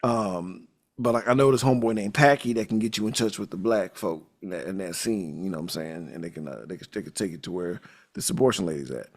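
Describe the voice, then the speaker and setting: A man casually recapping a movie on a podcast, profane and animated, acting out lines as he goes. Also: low-pitched, fast. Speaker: podcast host.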